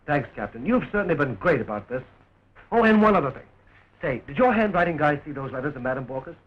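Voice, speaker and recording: Wisecracking young man, high lively voice, fast talker, old muffled film sound. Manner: fast-talking, joking. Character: wisecracking young man fighting for his sweetheart. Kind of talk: early talkie film acting. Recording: dull scratchy 1920s film sound.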